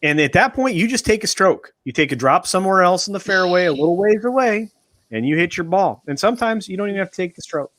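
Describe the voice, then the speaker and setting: A man's voice: high voice, expressive, quick pace, a bit bright. A man chatting casually on a group call, easygoing and joking. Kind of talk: casual chat.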